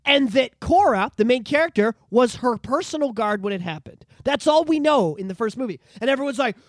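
Podcast host, male, very high and lively voice, profane and excitable, dry sound. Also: fairly quick, no room sound. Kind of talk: casual chat.

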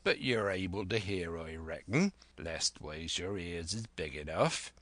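A man voicing a scheming older pirate cook with gruff old seafaring speech. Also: low voice, lively intonation, measured pace, a bit bright, no room sound, exaggerated voice.

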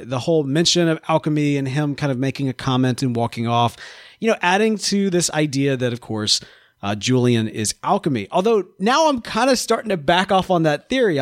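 A man co-hosting a fan podcast about a TV show, talking in loose, animated chat with frequent restarts. His voice sits a little high for a man, and the recording is dry and close with no room sound. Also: no echo. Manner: animated, theorizing, many restarts. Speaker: podcast co-host. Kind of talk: casual chat.

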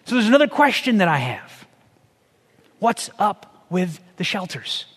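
A man's voice: high-pitched, sing-song, unhurried, a bit bright, husky, in a large hall. A man preaching a sermon in a conversational style, asking the congregation questions as he goes through scripture. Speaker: pastor.

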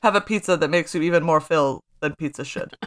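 A woman's voice: sits low, brisk. A woman co-hosting a casual chat in a giggly, enthusiastic way. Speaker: podcast co-host.

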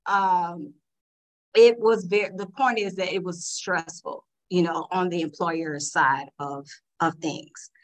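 A woman telling a story in a casual, animated chat, with lots of fillers and restarts. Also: lowish voice, slow pace, rough recording. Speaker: guest panelist.

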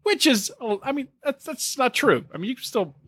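A man's voice: extremely high pitch, big pitch swings, moderate pace, a bit bright, breathy edge. A man co-hosting a podcast, rambling in casual chat with restarts and asides. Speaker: podcast co-host.

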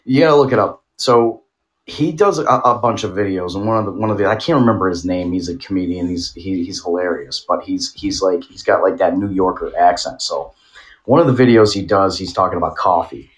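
Man, low voice, rambling, laughs a lot, crude casual podcast talk. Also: fairly quick. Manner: rambling, giggly, profane. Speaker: podcast co-host. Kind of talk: casual chat.

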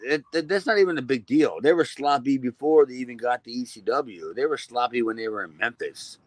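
A man's voice: mid-range voice, fairly quick, dry recording. A man who used to wrestle, telling stories casually and repeating words as he goes. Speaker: former wrestler on podcast. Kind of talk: casual chat.

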